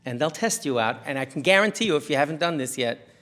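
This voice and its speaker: A man's voice: fairly high pitch, quick pace. A middle-aged man from the United States, a rabbi, lecturing a community audience in a synagogue hall. He tells stories animatedly and often restarts his sentences. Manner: animated storyteller who acts out quotes, with frequent restarts. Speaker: rabbi giving a parenting talk.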